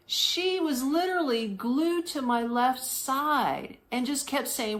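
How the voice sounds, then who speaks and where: A woman hosting a podcast, telling a casual story in a slangy, animated way, laughing often and mimicking voices. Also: high-pitched, slow, hardly any pauses. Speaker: podcast host.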